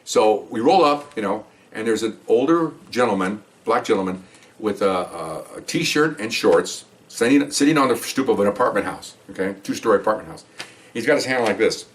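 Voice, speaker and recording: A man's voice: moderate pace, far from the mic. An older man, a retired police veteran, casually telling stories from the job and acting out the voices in them. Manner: animated, acts out quoted dialogue with higher pitch. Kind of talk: casual storytelling to camera.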